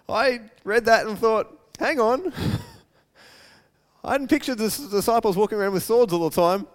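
A man preaching a sermon, retelling scripture and acting out the quoted lines, swinging from loud and excited to hushed and soft. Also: very high-pitched, normal speed.

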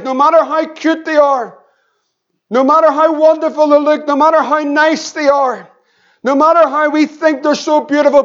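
High-voiced preacher. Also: male voice. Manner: impassioned preaching with anecdotes and repeated questions. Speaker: pastor. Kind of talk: evangelistic sermon with storytelling. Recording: dull lo-fi church recording.

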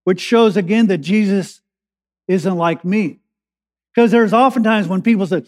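A male pastor preaching, with a high voice that rings through a church sanctuary. He slows down to stress key phrases and lifts into urgency as his points build. His words trail off into a long hall reverb. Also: a little mellow. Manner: preaches with slow emphatic pauses and rising urgency. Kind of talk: sermon.

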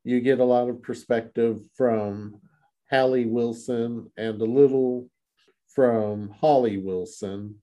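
A man's voice: medium pitch, steady tone, slow, mellow. A man co-hosting a casual book discussion, rambling with fillers and restarts as he recaps the story. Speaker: podcast co-host.

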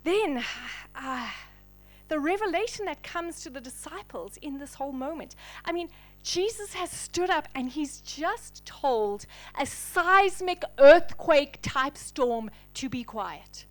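A woman pastor with a very high voice preaches a sermon. She moves from ringing declarations down to soft, breathy whispers. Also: animated, slow pace. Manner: dynamic preaching, swinging from loud declarations to hushed whispers.

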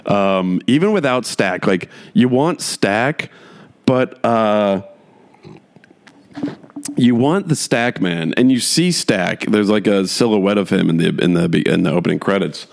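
Male podcast host with a low, gravelly voice; loose, rambling solo chat full of fillers. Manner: rambling, filler-heavy, chuckling often.

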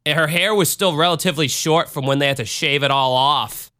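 A man's voice: fairly high pitch, brisk, pushed and bright, clear, resonant tone. An American man hosting a casual true-crime podcast, retelling a case with chatty asides. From United States. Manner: chatty, retells cases with asides and bad impressions. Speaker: podcast host.

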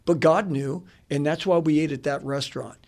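A man, a pastor and radio guest, telling a story in a rambling, animated way with lots of fillers and quick laughs, in a radio studio. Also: on the high side. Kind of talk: casual storytelling.

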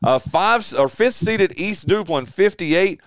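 A man hosts a local sports radio show with a smooth, resonant voice and a dry, close studio sound. He chats casually through scores, with plenty of fillers and restarts. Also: sits high, animated, slow, no echo. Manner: rambling, lots of fillers and restarts.

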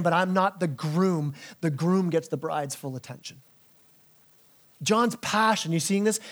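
Delivering a sermon with lots of energy, this male pastor voices biblical characters in everyday modern language, slowing down and dropping his voice for the key lines.

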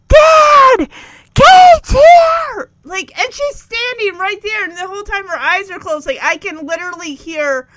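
A woman's voice: high-pitched, bright, forceful tone, no echo. A woman giving a casual, chatty recap of a show episode, acting out the characters' lines with incredulous asides.

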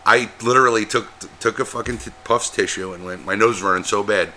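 A man's voice: lowish voice, a little fast, bright, forceful tone, a little hiss or hum. A man co-hosting a podcast in casual chat, crude and joking, swearing freely. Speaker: podcast co-host.

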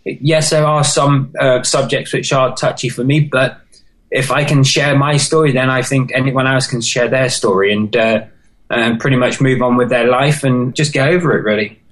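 A British man speaks as a podcast guest, recounting his own story in earnest, halting bursts. His voice sits at an ordinary middle pitch, and the telling stays emotional and sincere throughout. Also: fairly even intonation, fairly bright tone, poor audio. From United Kingdom. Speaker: podcast guest, marathon runner. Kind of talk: personal life story in an interview.

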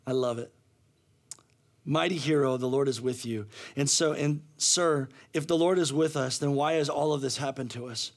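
A man pastor preaching a sermon, with many repetitions and restarts, moving from soft, low talk to loud shouting. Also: moderate pace.

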